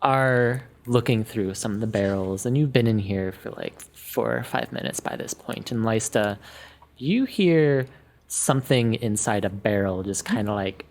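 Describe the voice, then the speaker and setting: Male game master, slow and loose narration. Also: fairly low pitch, creaky. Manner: unhurried, filler-heavy, trailing off quietly.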